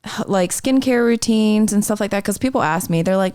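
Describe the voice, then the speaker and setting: A woman's voice: medium pitch, expressive, brisk, darkish tone, no echo, studio quality. A woman chatting as a podcast guest. She is a chatty storyteller who slips into voices when she quotes people. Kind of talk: casual chat.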